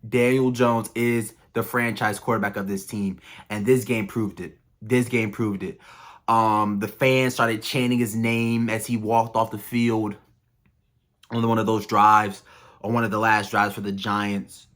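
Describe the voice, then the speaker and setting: A young man hosting a fan channel, giving an emotional, excited postgame reaction rant with lots of repetition. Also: fairly low pitch, a little slow. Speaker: sports fan channel host.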